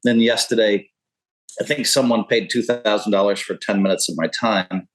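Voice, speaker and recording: Podcast guest, man in his fifties, deep-ish, talks in loose candid rambles. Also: steady tone, moderate pace, rough recording. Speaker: podcast guest, poker pro. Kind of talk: casual interview talk.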